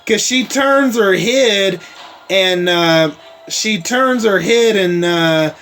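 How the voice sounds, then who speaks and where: A man's voice: sits high, takes it slowly, a bit bright, slight background noise. A man hosting a casual TV episode recap, rambling along with lots of "like" and "uh" fillers and some casual swearing.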